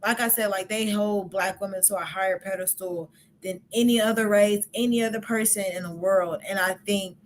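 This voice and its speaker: A woman's voice: mid-range voice, steady tone, normal speed, slight background noise. A young woman hosting a podcast in casual chat, talkative and laughing often, with many "like" fillers. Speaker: podcast host.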